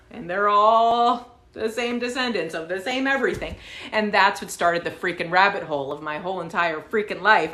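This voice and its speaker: A woman host casually telling a story to her viewers, animated and swearing freely, with lots of fillers. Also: mid-range voice. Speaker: channel host. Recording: roomy echo.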